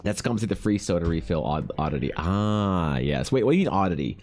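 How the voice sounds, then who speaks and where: Deep-voiced man streamer, rambling profane banter, faint music under. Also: animated, brisk, a little mellow. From Canada. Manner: rambling, joking, profane, with many restarts. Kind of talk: casual live-stream chat while drawing.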